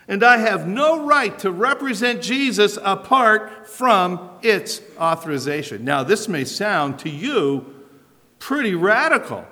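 An American man preaching a sermon in an animated, conversational way, asking rhetorical questions. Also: high voice. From United States. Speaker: pastor. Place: church sanctuary. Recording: long hall reverb.

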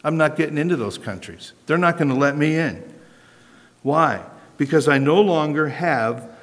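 An American man preaching a sermon in an animated, conversational way, asking rhetorical questions. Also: a little high, moderate pace. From United States. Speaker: pastor. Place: church sanctuary. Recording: long hall reverb.

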